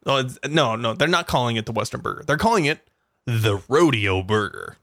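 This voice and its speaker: A man co-hosting a casual comedy podcast, goofy and excitable, prone to laughing and squealing. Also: medium pitch, fairly quick, gravelly, dry recording. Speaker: podcast co-host. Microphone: studio mic with headphones and compressor.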